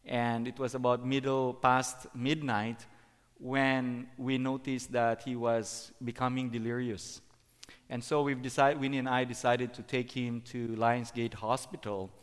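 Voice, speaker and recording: A middle-aged man giving a sermon as a preacher, halting, with many fillers and restarts. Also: medium pitch, flat delivery, clean tone. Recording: long hall reverb.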